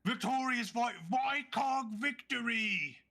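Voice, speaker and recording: A man voicing a loud, brash male fight-ring announcer who bellows and taunts the crowd. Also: extremely high pitch, slow pace, pitched above the performer's own voice, full character voice. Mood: hyped.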